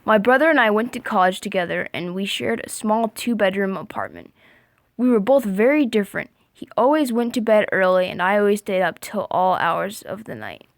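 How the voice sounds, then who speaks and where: A woman reading scary stories aloud for a video, halting now and then to stumble over and correct her words. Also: medium pitch, lively intonation. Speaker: video creator.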